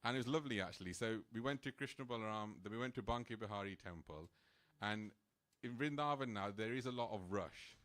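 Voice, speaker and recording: A man, speaking at a temple program and telling a personal story in an animated, casual way, full of "like" fillers and little laughs. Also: lowish voice, fast talker.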